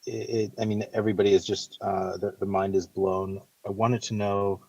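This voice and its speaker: A very deep man with a flat, husky voice asks his question eagerly and trips over his words. He sounds set back from the mic, with a dry sound. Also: moderate pace, no room sound, distant mic, lo-fi sound. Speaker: audience member asking a question. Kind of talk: casual question in a live audio chat room.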